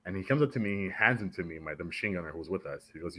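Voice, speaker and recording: Man, deep voice, from Canada, military veteran, animated storyteller, podcast guest. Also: rapid-fire, hardly any pauses. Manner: animated, acts out the voices of others in his stories. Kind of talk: casual storytelling in a podcast interview.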